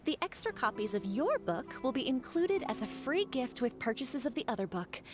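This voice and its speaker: A woman's voice: fairly high pitch, big pitch swings, normal speed, over music. An actress voicing a composed, formal female messenger in game cutscene dialogue. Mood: polite. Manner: formal, courteous.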